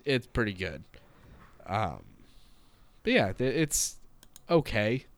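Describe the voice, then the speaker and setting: A man's voice: fairly low pitch, sing-song, slow, no room sound. A man co-hosting a casual podcast, often restarting words and laughing at his own blunt jokes. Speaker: podcast co-host. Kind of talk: casual chat.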